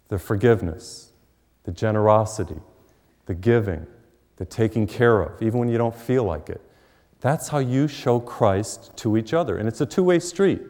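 A man's voice: lowish voice, dark tone, in a large hall. A middle-aged man preaching a sermon, telling a story with emphasis and humor.

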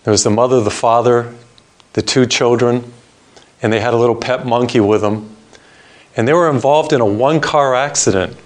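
A man preaching a sermon, reading scripture and telling a joke, slowing down to stress his points. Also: mid-range voice. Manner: storytelling, varied pace, emphatic slowing on key points.

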